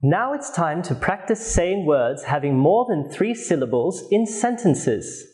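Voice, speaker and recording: A man teaching English pronunciation in a scripted lesson, reading model sentences slowly and with careful enunciation. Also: on the high side, big pitch swings, a little mellow.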